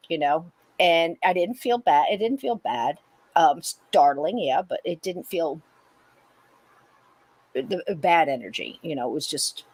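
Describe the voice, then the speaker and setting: A woman hosting a podcast, telling a personal story in a lively way and acting out the dialogue. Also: lowish voice, normal speed, no room sound. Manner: animated, acts out dialogue with laughs. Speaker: podcast host. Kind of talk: casual storytelling chat.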